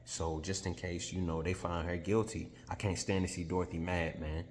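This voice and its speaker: A man's voice: low-pitched, little pitch movement, moderate pace, in a large hall, slight background noise, close to an everyday voice. A man doing a scheming, coaxing wizard. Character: scheming old wizard, fatherly.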